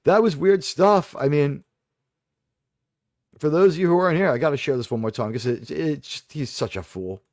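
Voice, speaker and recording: A man's voice: fairly high pitch, normal speed, darkish tone, no room sound, studio quality. A man hosting a casual livestream chat, rambling and digressive with sudden aggrieved outbursts. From New York.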